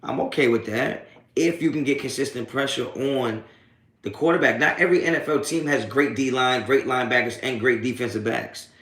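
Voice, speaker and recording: A man's voice: mid-range voice, normal speed, fairly bright tone, reverberant. A man hosting a live post-game sports reaction stream, reading chat and trash-talking trolls with streetwise slang and constant swearing. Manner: profane, streetwise trash talk; taunting, laughing off trolls. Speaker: sports talk livestream host.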